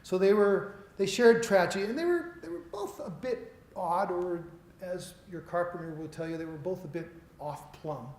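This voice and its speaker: A man's voice: sits high, normal speed, a little mellow. A middle-aged man from Seattle giving a conference keynote lecture, conversational and self-deprecating as he tells stories to an audience. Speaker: keynote speaker. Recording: echoey hall, faint noise.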